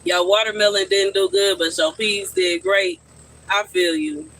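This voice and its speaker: Bright high-voiced man chatting on a live stream. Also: steady tone, measured pace, low-quality recording. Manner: chatty, answers viewers' questions. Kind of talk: casual live-stream chat with viewers. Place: outdoors in a backyard garden.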